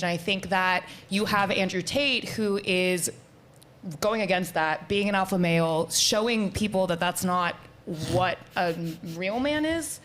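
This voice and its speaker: A woman's voice: medium pitch, a little slow, a bit bright. A woman on a podcast panel giving her opinion in a chatty, storytelling way with many "like"s. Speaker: panel guest. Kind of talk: casual panel discussion.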